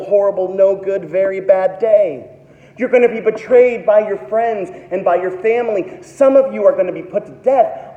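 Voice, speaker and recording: Brief: male pastor, 30s, dramatic sermon delivery, mellow tone, long hall reverb. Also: high-pitched, a little hiss or hum. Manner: dramatic, acts out quoted voices. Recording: echoey hall, dull lo-fi sound.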